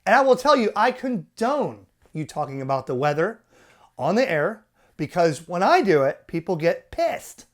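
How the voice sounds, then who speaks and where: A man hosting a ham radio channel, ranting in an animated, exasperated and profane way. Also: sits high, normal speed. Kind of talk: ranting commentary.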